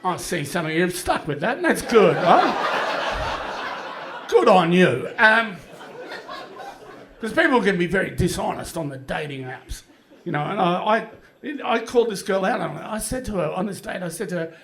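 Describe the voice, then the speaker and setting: An Australian man in his fifties works a comedy club crowd, rambling and self-mocking, dropping crude asides between fillers. His voice sits a little high for a man, and a faint hiss runs under it. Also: very animated, normal speed, fairly bright tone. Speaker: stand-up comedian. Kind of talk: live stand-up routine. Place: comedy club stage, audience laughing.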